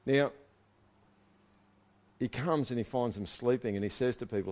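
A man preaching a sermon, reading scripture aloud and breaking off into lively, conversational comments for his congregation. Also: mid-range voice, moderate pace. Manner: animated, conversational, swings from loud asides to quiet reading. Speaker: pastor.

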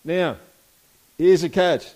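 Speaking slowly in a high, darkish voice, a male pastor delivers a relaxed, conversational sermon. He invites the congregation to respond and reads passages of scripture aloud.

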